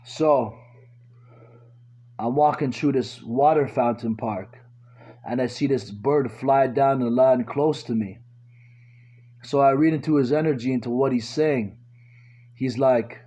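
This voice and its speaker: A man's voice: medium pitch, measured pace, pauses often, dark tone, highs cut off. A man doing stand-up, telling crude, slangy joke stories and acting out each quote himself. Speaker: stand-up comedian. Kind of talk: stand-up jokes told as short stories.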